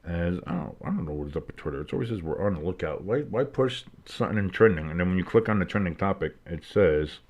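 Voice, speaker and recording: A sleepy man with a somewhat low voice calls football play-by-play on his live stream. He yawns and drifts into rambling asides between the plays, then perks up for the big moments. His delivery is casual and loose. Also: expressive, fast, few pauses, darkish tone. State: tired and sleepy, yawning. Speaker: play-by-play streamer and show host. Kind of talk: live play-by-play commentary with reactions.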